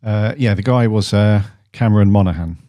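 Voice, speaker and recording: Brief: male co-host, lowish pitch, laid-back banter, casual swearing. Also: normal speed, dark tone, no echo. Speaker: podcast co-host. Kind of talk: casual chat.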